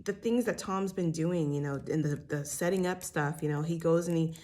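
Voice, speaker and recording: A woman's voice: low voice, normal speed. A woman giving a chatty, blunt recap of a reality show, with lots of fillers and the odd swear word. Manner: animated retelling with many fillers. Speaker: TV recap host. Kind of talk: casual gossip recap.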